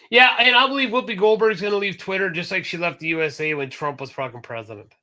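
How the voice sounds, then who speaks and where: A man co-hosting a casual podcast, talking in an animated way and swearing freely. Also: high voice, fast talker, few pauses. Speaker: podcast co-host.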